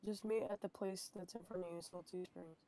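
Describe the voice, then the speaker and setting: Woman from Texas, teammate in a game, relaxed dark tone, brief laid-back lines. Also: on the low side, fairly quick. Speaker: fellow player. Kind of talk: casual gaming chat.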